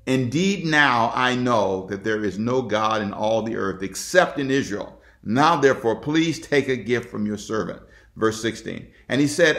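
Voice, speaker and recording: A man's voice: medium pitch, fairly bright tone, echoey room. A male pastor preaching, reading scripture aloud and repeating key lines for emphasis. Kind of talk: sermon.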